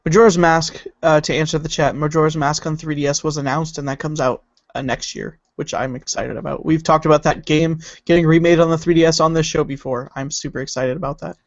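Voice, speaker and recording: A man's voice: a little high, steady tone, a little fast, dry recording, muffled recording. A man co-hosting a casual podcast who chats eagerly and trails off while searching for things. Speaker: podcast co-host. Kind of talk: casual chat.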